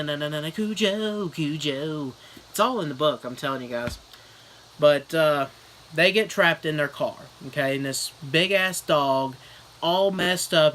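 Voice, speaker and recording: A man's voice: on the high side, slight background noise. A young man doing a comedic fake book review, rambling through an absurd plot with lots of fillers. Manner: rambling deadpan storytelling with fillers.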